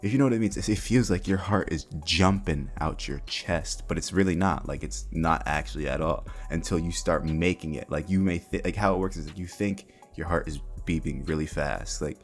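A young man with a very low voice tells a casual storytime, rambling and full of slang. He acts out both sides of the dialogue in his own voice. Faint music plays behind him. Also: a little fast, few pauses. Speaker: storyteller vlogger.

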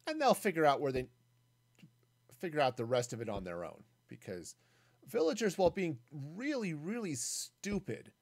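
A man's voice: on the high side, wildly swooping pitch, moderate pace, darkish tone. Man thinking aloud while streaming a game. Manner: thinks aloud, rambling with restarts and asides; self-mocking, jokey. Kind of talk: casual gameplay commentary.

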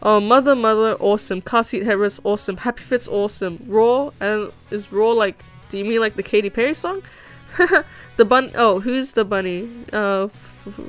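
A young woman livestreaming while she draws, chatting casually with her viewers in a bubbly, rambling way with lots of giggles and fillers. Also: medium pitch. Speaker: livestreaming animator. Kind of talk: casual chat reading stream chat while drawing.

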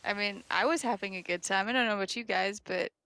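A woman's voice: medium pitch, fast, sharp tone. A woman co-hosting a casual game livestream, playful and teasing as she reads chat aloud. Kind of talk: casual gaming stream chat.

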